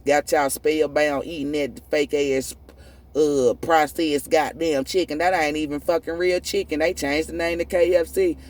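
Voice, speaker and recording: A woman's voice: sits low, steady tone, normal speed, a little mellow. A woman tarot reader delivering a profane, preachy spiritual rant, emphatic and prone to repeating and restarting words when fired up. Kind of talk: ranting spiritual monologue.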